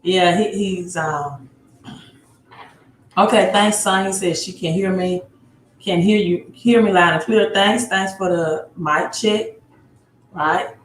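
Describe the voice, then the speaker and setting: A woman's voice: lowish voice, slow, pauses often. A woman hosting a live stream about credit. She greets viewers by their cities in a casual chat and often adds tag questions. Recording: roomy home room with faint background noise.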